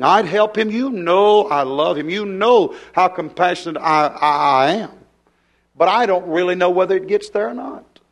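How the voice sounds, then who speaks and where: A man preaching a fiery revival sermon. He acts out dialogue in his sermon and drops to a hush at times. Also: on the high side.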